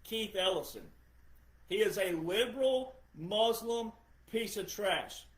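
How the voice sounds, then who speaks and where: A man's voice: high voice, animated, slow pace. Emphatic man in a roomy echo. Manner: emphatic, lecturing, repeats phrases for effect. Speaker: podcast host. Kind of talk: political commentary monologue.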